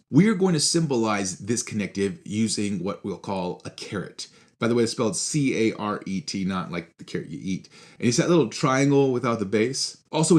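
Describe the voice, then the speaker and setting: A man teaching a philosophy course on formal logic in a relaxed, conversational way, often checking in with "right?" and slowing down to spell out symbols. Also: medium pitch. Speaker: philosophy instructor. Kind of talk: casual recorded logic lecture.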